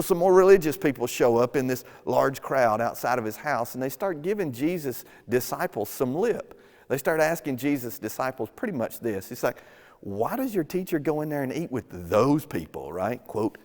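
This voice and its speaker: A male pastor preaches in a relaxed, storytelling way, slipping into quick acted voices for the people in his story. His voice sits at an ordinary middle pitch. A long reverb trails behind every phrase, as in a big sanctuary. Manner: casual storytelling with acted-out quotes. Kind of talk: sermon. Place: church sanctuary.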